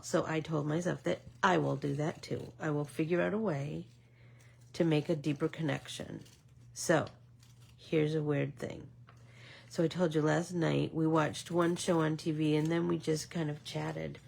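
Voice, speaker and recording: Woman, middle-aged, art vlogger, casual chat, gravelly, husky, rambling with fillers. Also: deep voice, fairly even intonation, a little slow. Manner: rambling storytelling with many fillers, drops to soft whispers.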